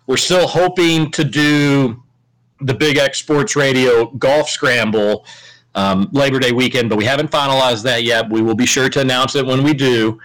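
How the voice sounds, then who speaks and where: A man hosting a sports talk show in a relaxed, casual way. He jokes around and ribs his co-hosts between updates. His voice sits at an ordinary middle pitch. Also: normal speed, low-quality recording. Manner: joking, teasing co-hosts. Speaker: sports radio host.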